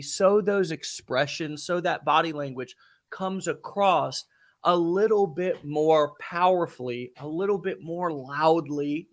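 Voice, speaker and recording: A man hosting an interview, speaking emphatically, restarting phrases and breaking into bursts of excitement. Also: on the high side. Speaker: host.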